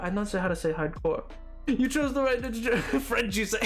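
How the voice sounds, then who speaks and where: High-voiced guy streaming a game, rambly and animated, stumbles over his words, faint music behind. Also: normal speed. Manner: animated, rambling, self-interrupting. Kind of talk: casual chat while gaming.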